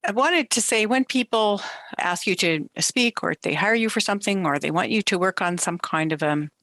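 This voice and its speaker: A woman hosting an interview, asking questions in a steady, encouraging way. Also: mid-range voice, normal speed, no room sound. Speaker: podcast host. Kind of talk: conversational interview.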